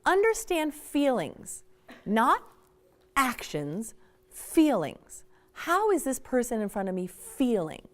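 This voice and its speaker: A woman speaker giving a public talk on parenting, animated and emphatic, acting out quotes as she goes. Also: on the high side, slow pace.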